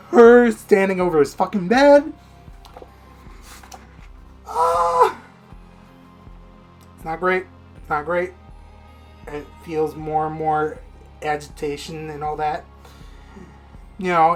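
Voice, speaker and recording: A man's voice: on the high side, a bit bright. A man casually reviewing a manga in a rambling, profane, unfiltered way.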